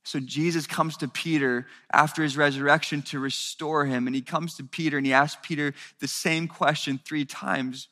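A man's voice: on the high side, steady tone, normal speed, few pauses, pushed and bright. A man preaching a sermon to his church, earnest and rising to raised intensity as he speaks. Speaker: pastor. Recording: reverberant hall.

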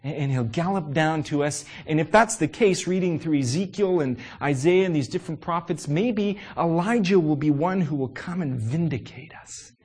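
A man preaching a sermon to his congregation. He is animated and emphatic, asks many rhetorical questions, and often pauses on "uh" fillers. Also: fairly high pitch, husky.

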